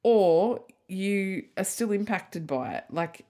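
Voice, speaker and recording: A woman's voice: mid-range voice, lively intonation, takes it slowly, dark tone. A woman in her thirties hosting a solo podcast, rambling candidly with lots of "like" and the odd swear word. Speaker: podcast host. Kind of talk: casual solo podcast chat.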